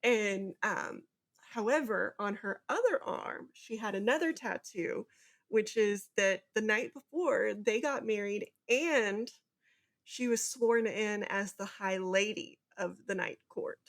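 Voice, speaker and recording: A woman's voice: medium pitch, takes it slowly. Chatty woman recapping a book. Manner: animated retelling, acts out character lines. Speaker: podcast co-host. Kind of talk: casual book recap chat.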